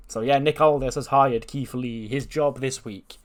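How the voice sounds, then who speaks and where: A man's voice: mid-range voice, fairly even intonation, moderate pace. A man casually recapping a wrestling simulation run, chatty, laughing and swearing, often restarting mid-sentence. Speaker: game commentator. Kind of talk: casual let's-play recap.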